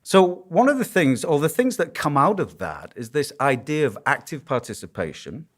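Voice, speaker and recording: Lively Yorkshire priest giving a lecture. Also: male voice, a little high, moderate pace. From Yorkshire, England. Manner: humorous, self-deprecating storytelling. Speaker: priest and conference speaker. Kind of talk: conference lecture. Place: conference hall.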